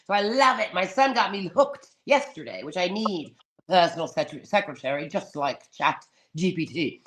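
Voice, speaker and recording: A woman hosting a casual live stream, dramatic and swearing freely, calling everyone darling. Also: mid-range voice.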